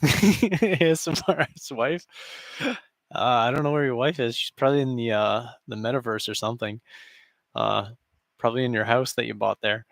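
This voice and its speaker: A live streamer rambles and jokes with his audience from a basement room set against cardboard, chuckling frequently. He talks fairly quickly in a mid-range, gravelly, slightly bright voice with fairly even intonation, captured dry at studio quality.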